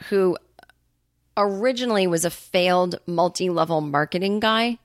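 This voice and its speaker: A woman's voice: lowish voice, normal speed, no echo, studio quality. A woman hosting a podcast, ranting in a casual monologue, swearing freely and acting out quotes. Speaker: podcast host.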